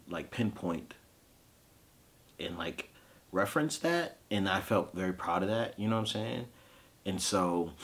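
A man in his thirties, a podcast host, telling a personal story of grief in a halting, emotional way with frequent fillers. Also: low-pitched. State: grieving.

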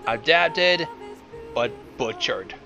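A man's voice: medium pitch, lively intonation, drawn-out words, creaky, over loud music. A man hosting a riff on a film, in casual, profane and sardonic commentary. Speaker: host riffing on a film.

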